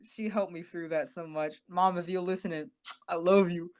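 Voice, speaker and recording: A man's voice: sits high, steady tone, normal speed. A young man tells a story on his podcast, swearing freely and speaking with animation. He drops into little impressions of the people he quotes as he goes. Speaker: podcast co-host. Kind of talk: casual storytelling.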